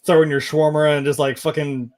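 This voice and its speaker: A man's voice: fairly high pitch, little pitch movement, quick pace, crowd noise. A man in a casual movie review chat, laid-back and laughing, with plenty of swearing. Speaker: podcast co-host.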